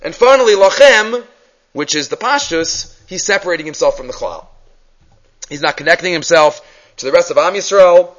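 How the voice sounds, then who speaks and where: A man teaching a Torah class, animated, acting out questions and mixing Hebrew terms into his English. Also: high-pitched, moderate pace, muffled recording.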